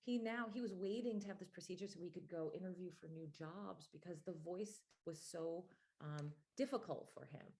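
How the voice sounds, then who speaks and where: Low-voiced woman giving a medical lecture. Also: moderate pace, hardly any pauses, a little mellow. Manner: explanatory, with frequent "uh" fillers. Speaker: laryngologist lecturer. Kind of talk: medical grand rounds lecture.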